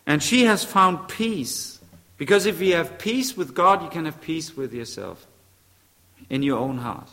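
A man's voice: on the high side, expressive, a little slow, sharp tone, long reverb tail. A man preaching a sermon, emphatic and repeating short phrases, now and then searching for the right English word.

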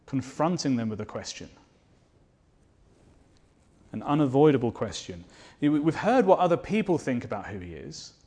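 Male preacher, mid-pitched, earnest sermon delivery that builds to fervent declarations. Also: a little mellow, breathy edge. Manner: rhetorical questions to the listeners.

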